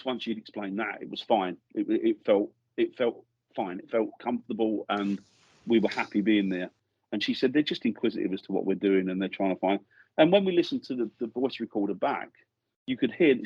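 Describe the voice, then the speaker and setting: A man's voice: fairly low pitch, moderate pace, husky, no room sound, dull audio. A middle-aged man from England, a guest in a podcast studio, telling ghost-hunting stories in a rambling way that keeps restarting sentences. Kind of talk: casual storytelling interview.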